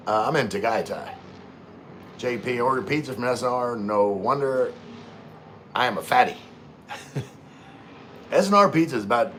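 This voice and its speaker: A fairly low-voiced man hosts a relaxed livestream. He reads viewer comments aloud and answers them, often repeating words as he goes. A faint hum of room ambience sits under his voice. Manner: easygoing, repeats words and restarts while reading. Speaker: livestream host.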